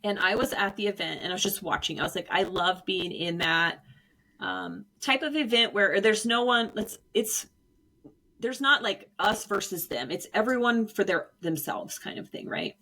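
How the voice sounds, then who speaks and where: A woman co-hosting a podcast, telling stories in a casual, animated way and acting out what people said with big jumps in pitch and bursts of laughter. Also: moderate pace. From Arizona, United States. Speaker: podcast co-host. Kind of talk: casual storytelling chat.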